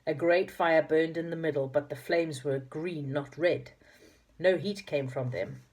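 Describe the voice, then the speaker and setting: Woman reading a kids storybook, low pitched, kinda stumbles now and then. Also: steady tone, a little slow, darkish tone. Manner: unpolished reading with slips and self-corrections. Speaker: narrator. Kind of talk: reading a children's storybook aloud.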